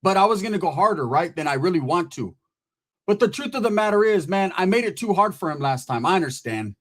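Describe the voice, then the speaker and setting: High-voiced man roasting a rival. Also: expressive, quick pace. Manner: profane, taunting, street slang. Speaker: channel host. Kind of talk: mocking roast rant to camera.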